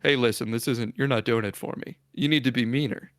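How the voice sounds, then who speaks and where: A man voicing a demanding, grumbling male character with a lowered, quieter voice. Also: steady tone, a little fast, dry recording, studio quality, lightly acted.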